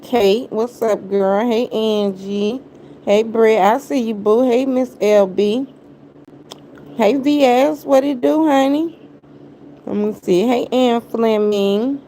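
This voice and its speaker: A woman's voice: medium pitch, warm tone, slight background noise. A woman hosting her own livestream, greeting viewers by name and then ranting in a heated, confrontational, slang-heavy way. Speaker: livestream host. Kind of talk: casual livestream rant.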